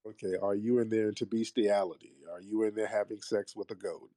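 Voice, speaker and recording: A man's voice: lowish voice, flat delivery, brisk, mellow, no echo, studio quality. A man hosting a call-in talk show, blunt and combative, mocking his callers. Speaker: host.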